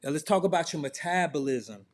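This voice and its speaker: A man's voice: a little high, expressive, brisk. A middle-aged man coaching in a loose, conversational way, firing off questions to the listener. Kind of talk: casual self-improvement talk.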